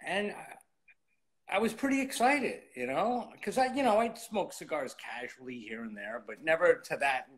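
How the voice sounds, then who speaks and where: A man in his fifties tells his story to an interviewer in a casual, animated way. His voice sits fairly high for a man and swoops up and down as he acts out what other people said. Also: a little slow. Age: 50s. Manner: animated storyteller acting out old conversations. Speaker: interview guest.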